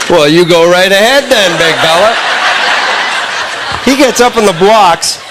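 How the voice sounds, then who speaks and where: A man doing stand-up comedy, telling a long story in a punchy, animated way and often tagging lines with a quick question. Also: fairly high pitch. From Canada. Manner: animated, punchy delivery with frequent tag questions. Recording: live recording with audible background noise.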